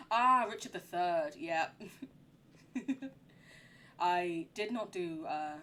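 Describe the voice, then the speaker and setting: A woman's voice: fairly low pitch, lively intonation, drawn-out words, fairly bright tone, slight background noise. A young woman streaming a horror game, chatting in a giggly, rambling way. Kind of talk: live game commentary.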